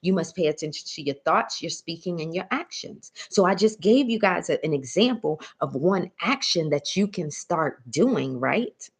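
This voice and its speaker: A woman's voice: fairly low pitch, lively intonation, normal speed, few pauses, slightly rough. Coaxing woman teaching a mindset lesson. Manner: checks in often with "right?" and "okay?"; coaxing, calls listeners "baby". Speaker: mindset coach. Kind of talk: motivational teaching talk.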